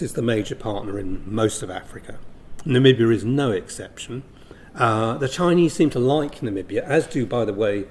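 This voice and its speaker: A man giving a business briefing presentation, measured and full of ums and self-corrections. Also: lowish voice, a little mellow, slight background noise. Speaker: briefing speaker on investment.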